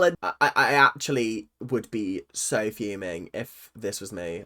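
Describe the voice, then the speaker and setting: A woman's voice: extremely low pitch, animated, a little slow, hardly any pauses, a bit bright. A British woman talks casually over a TV episode. She is sarcastic and blunt and swears freely. Her voice rises and falls a lot as she reacts. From United Kingdom. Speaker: reaction video host.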